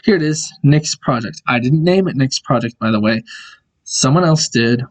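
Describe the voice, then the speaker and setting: A man's voice: medium pitch, lively intonation, normal speed. A young man in his twenties chats his way through old school projects. His mid-range voice wanders off on tangents, catches its own slips and laughs at itself. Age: young adult. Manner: rambling, self-correcting, chuckling asides. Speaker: video creator. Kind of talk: casual screen-share walkthrough.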